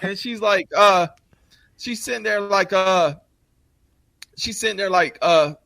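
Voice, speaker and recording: A man's voice: high-pitched, measured pace, creaky, pushed and bright. A man co-hosting a podcast, telling rambling, profane stories full of restarts, with a slight speech impairment. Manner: rambling storyteller, frequent restarts, swears a lot. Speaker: podcast co-host, father. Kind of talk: casual profane chat.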